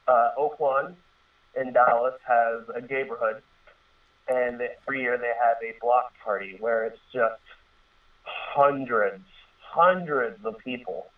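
A man's voice: medium pitch, far from the mic. Man, thirties, earnest rambling storyteller, tinny phone-line sound. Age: 30s. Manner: earnest, rambling, many fillers and restarts. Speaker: guest telling a personal story. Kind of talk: casual spoken storytelling.

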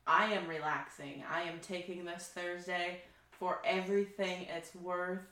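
A woman with a lowish voice co-hosts a casual podcast chat, telling stories freely and swearing as she goes. Her voice rings in a roomy, echoey space. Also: flat delivery, a little slow, sharp tone. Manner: storytelling, swearing freely, laughing. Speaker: podcast co-host. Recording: roomy echo.

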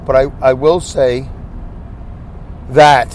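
Tired guy in his 50s rambling on his solo podcast, keeps losing his point, mid pitch, faint hum behind. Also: fairly even intonation, slow pace, a little mellow. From upstate New York. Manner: rambling, circles back and loses his train of thought. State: sleep-deprived. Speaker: podcast host.

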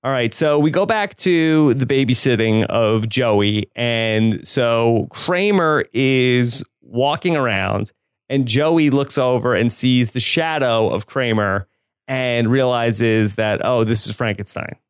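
A man co-hosting a podcast, casually chatting and recapping a sitcom episode in slow, measured beats. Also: medium pitch, expressive, clean tone, dry recording, studio quality. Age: adult. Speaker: podcast co-host.

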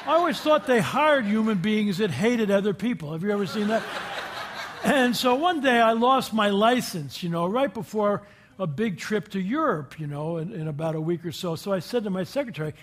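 A man's voice: high voice, animated, moderate pace, a little hiss or hum. A man giving an inspirational talk to a live audience, telling anecdotes in a folksy way and putting questions to his listeners. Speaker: guest speaker addressing a group.

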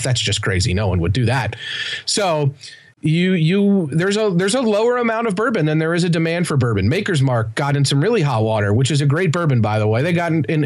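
A man's voice: on the high side, darkish tone. A man from Kentucky co-hosting a podcast, chatting casually with joking asides. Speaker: podcast co-host.

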